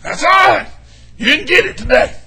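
A man preaching a fervent, folksy sermon in a church, shouting and whooping as he jokes with the congregation. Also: extremely high pitch, lively intonation, moderate pace, vocal fry. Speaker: pastor.

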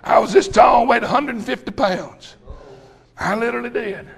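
A middle-aged man preaching a folksy, rousing sermon, often breaking into shouts. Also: very high-pitched, moderate pace, vocal fry.

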